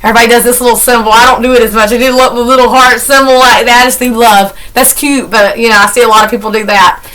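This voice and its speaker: A woman's voice: fairly high pitch, steady tone, fast talker, hardly any pauses, bright, forceful tone, low-quality recording. A middle-aged woman, chatting in a heartfelt, rambling, folksy way as she does chores for her vlog. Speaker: vlogger. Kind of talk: casual chat while doing chores.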